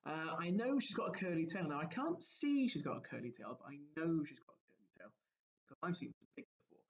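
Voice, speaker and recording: Gravelly man teaching little kids. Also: on the high side, sing-song, fast talker, lo-fi sound. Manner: gentle, storybook-like explaining with questions to children. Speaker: primary school teacher. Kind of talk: recorded remote lesson for young children.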